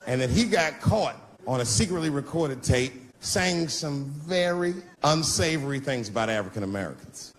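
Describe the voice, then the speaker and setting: A man in his forties performing a stand-up comedy set in a large theater, swinging between high squeals and low drawls for effect. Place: large theater stage before a live audience.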